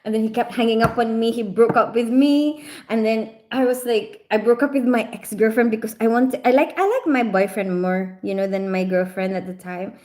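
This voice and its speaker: A woman livestreamer in a casual, rambling chat, her voice sitting a little high. She fills her talk with lots of fillers and giggles often. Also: fairly even intonation, brisk, a little mellow. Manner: rambling, heavy use of fillers.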